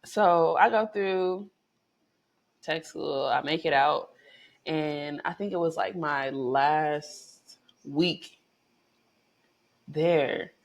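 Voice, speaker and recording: A woman vlogger telling a personal story in a lively, chatty way, with lots of swearing and big swings in pitch and volume. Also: extremely slow, gravelly, long pauses. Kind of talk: casual storytelling to camera.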